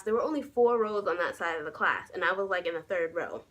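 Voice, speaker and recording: A woman's voice: mid-range voice, steady tone, quick pace, hardly any pauses, a bit bright, poor audio. Sassy young woman telling a story. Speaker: vlogger. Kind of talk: casual story time.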